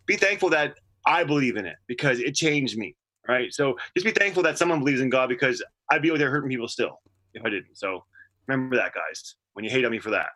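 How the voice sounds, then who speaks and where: Bright, rambling male co-host. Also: a little high. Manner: earnest, rambling, repeats himself. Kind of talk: casual livestream chat.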